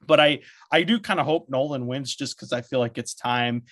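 A man's voice: mid-range voice, normal speed, a bit bright, no room sound, clean studio sound. A man chatting on a podcast, thinking aloud in a hesitant way with many "you know"s. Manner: thoughtful, hesitant with fillers. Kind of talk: casual podcast chat.

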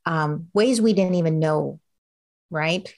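Middle-aged woman, lowish voice, candid storytelling, animated, acts out quoted voices. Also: takes it slowly. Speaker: interview guest.

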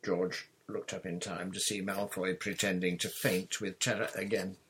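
A man reading a story aloud in steady, even audiobook narration. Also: sits low, moderate pace, a little hiss or hum. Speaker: reader.

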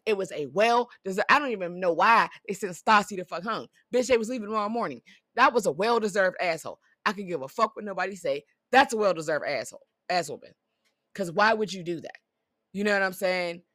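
Woman ranting about her faves, cussing a lot, loud and animated, dry close sound. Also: fairly low pitch, no room sound. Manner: blunt, profane, animated ranting. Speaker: vlogger. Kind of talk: casual reality-TV chat.

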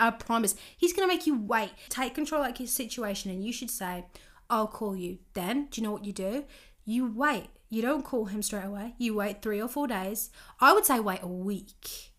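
A young woman telling a dating story and giving advice, acting out both sides of the conversations in a lively, candid way. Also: fairly high pitch. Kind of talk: casual storytelling monologue.

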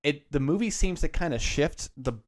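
A man's voice: a little high, normal speed. A man co-hosting a casual chat, retelling a story loosely with lots of "like" and restarts.

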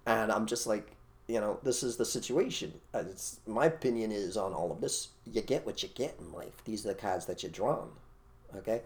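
A man co-hosting an opinionated casual chat, blunt and animated, repeating his phrases for emphasis. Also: lowish voice, moderate pace. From United States. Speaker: co-host.

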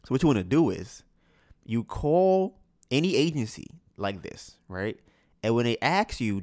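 A man's voice: mid-range voice, no echo. Young guy on a podcast ranting about a phone call, lots of slang, voice jumps all over, dead dry room. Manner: animated, acts out both sides of a phone call; slangy, exasperated storytelling. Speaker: podcast host. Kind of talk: casual storytelling chat.

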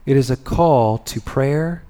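A man preaching a sermon and leading a prayer, speaking with long pauses and letting phrases fall soft and low. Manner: slow, deliberate delivery with long pauses and soft endings; rises in intensity on key words, then drops low. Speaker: pastor.

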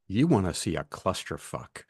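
A man's voice: sits low, sing-song, normal speed, a little mellow, breathy edge, no echo, clean studio sound. A man co-hosting a casual podcast chat, telling frank stories and acting out other people's lines, with swearing. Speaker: podcast co-host, lawyer.

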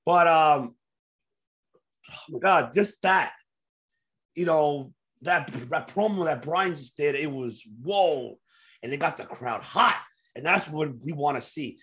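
Excitable man gushing about wrestling. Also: on the high side, takes it slowly, long pauses. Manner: excitable, swears freely, laughs often. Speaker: podcast host. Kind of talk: casual wrestling chat.

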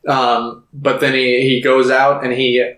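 A man's voice: medium pitch, flat delivery, a little slow, fairly bright tone, reverberant, poor audio. A young man co-hosting a podcast, casually recapping a film scene by scene and acting out the characters' lines. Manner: retells scenes, acting out quotes. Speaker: podcast co-host.

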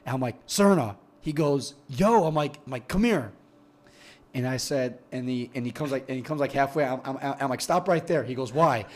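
A man's voice: mid-range voice, steady tone, fast talker, hardly any pauses. A young man telling a long, rambling, profane story in casual podcast chat, often repeating words as he gets going. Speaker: podcast guest.

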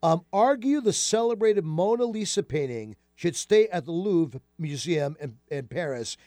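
A man's voice: a little high, lively intonation, unhurried, mellow, no room sound, clean studio sound. A man hosting a radio show, chatting casually and joking with plenty of fillers. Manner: chatty, jokey, lots of fillers. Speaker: radio host.

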